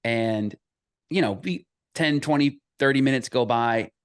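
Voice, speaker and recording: Earnest pastor telling a story. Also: male voice, mid-range voice, measured pace, smooth, dry recording, clean studio sound. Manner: earnest, animated when telling stories, frequent restarts. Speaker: associate pastor and author. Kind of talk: conversational interview storytelling.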